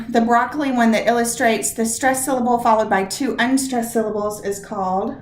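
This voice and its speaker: Slow, patient woman teacher in an echoey room. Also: a little high, slight background noise. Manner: patient, explains step by step, repeats words slowly to show their stress. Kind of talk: recorded classroom lesson on poetic meter. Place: room with a whiteboard.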